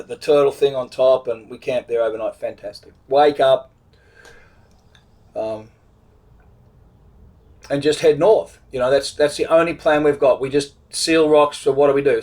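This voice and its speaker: A middle-aged Australian man casually retelling a road trip story, rambling, with many restarts. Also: mid-range voice. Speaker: vlogger telling a travel story.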